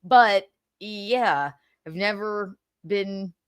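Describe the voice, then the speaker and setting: A woman's voice: mid-range voice, drawn-out words, clean tone, dry recording. A woman hosting a livestream, chatting and gossiping with lots of laughs, swearing and mocking impressions. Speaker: host. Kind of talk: casual gossip commentary on a livestream.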